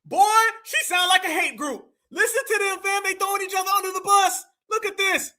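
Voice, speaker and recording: A man hosting a live stream, reacting to clips in a loud, mocking way and often calling out to his audience. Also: extremely high pitch, steady tone, brisk. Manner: loud, mocking, keeps addressing "family".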